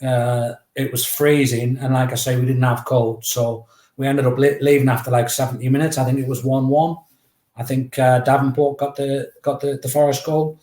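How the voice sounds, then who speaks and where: A man tells a long story as a podcast guest, in a chatty way that slips into the voices of the people he quotes. His pitch is middling. The room gives the voice a clear echo. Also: normal speed. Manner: lively, chatty, acts out quotes. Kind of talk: anecdotal storytelling. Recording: roomy echoey room.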